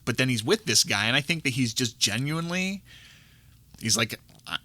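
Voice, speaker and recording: Rambling casually about a film, this podcast co-host keeps restarting his sentences and quotes lines from the movie. He speaks at normal speed in a mid-range voice with lively intonation and a bright, forceful tone. There's no room sound on the recording.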